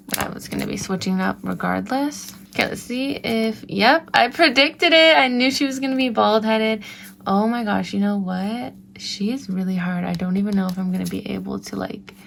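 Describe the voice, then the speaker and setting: A woman's voice: medium pitch, creaky, slight background noise. Young woman talking with a slight lisp. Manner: slight lisp from healing mouth. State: recovering from wisdom teeth removal, talking carefully. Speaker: vlogger. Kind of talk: casual chat.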